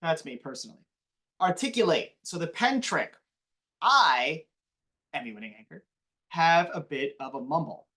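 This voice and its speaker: Animated high-voiced man lecturing a class. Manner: animated, quick, self-admitted slight mumble. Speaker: TV news anchor giving a guest lesson.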